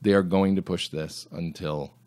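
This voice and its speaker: A man's voice: sits low, fairly even intonation, moderate pace, darkish tone. A man hosting a solo commentary podcast, reading items aloud and answering them with sarcastic, mocking asides. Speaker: podcast host.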